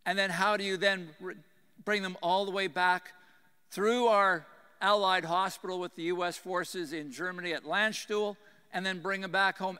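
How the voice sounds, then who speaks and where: Older canadian guy giving a talk, bright high voice, echoey hall. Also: smooth. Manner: earnest, storytelling, drops to a hushed tone for losses. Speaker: retired general giving a conference talk. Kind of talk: speech to a conference audience. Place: conference hall. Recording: hall reverb from a conference room.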